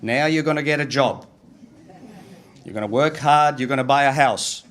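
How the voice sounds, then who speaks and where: A man voicing his uncles giving loud, insistent advice on saving money. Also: medium pitch, moderate pace, slight background noise, voice pushed up, natural voice. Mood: bossy. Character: bossy male uncles lecturing a newcomer on thrift.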